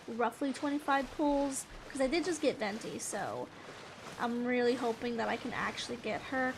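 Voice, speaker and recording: Woman gaming streamer, high voice, chatty and giggly, casual play-along chat. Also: slight background noise.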